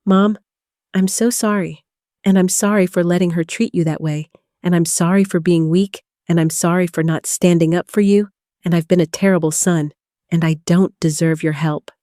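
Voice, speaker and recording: A frightened, weepy grown son spills his words in one breathless run-on plea, as a woman narrator reads him. The voice stays lowish and mellow, close and dry, like a storybook reading. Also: steady tone, moderate pace, no room sound, close to an everyday voice. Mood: remorseful. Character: panicked grown son, tearful and weak.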